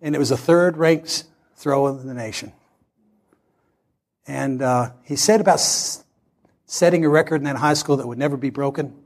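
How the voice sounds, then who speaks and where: Gravelly-voiced man in his sixties preaching. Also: medium pitch, moderate pace, long pauses. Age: 60s. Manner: storytelling, animated, acts out dialogue. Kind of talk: sermon with personal story.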